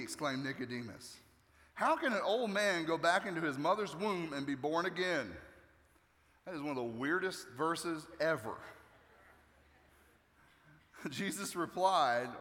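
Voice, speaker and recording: A male pastor preaching a sermon in a relaxed, joking way, acting out the people in the story. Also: high voice, normal speed, long pauses. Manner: conversational and joking, acting out quotes. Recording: long hall reverb.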